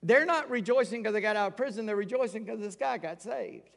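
A man gives a sermon in a relaxed, talky way, breaking into quoted voices as he retells the story. His voice is a little high and has a gravelly edge. A long reverb of a large hall hangs on every phrase. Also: brisk. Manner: conversational preaching, acting out quoted voices. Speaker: pastor.

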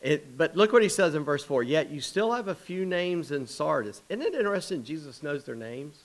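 A middle-aged man preaching a sermon in a folksy, storytelling manner, with quick asides and chuckles. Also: a little high, big pitch swings, low-quality recording. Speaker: pastor.

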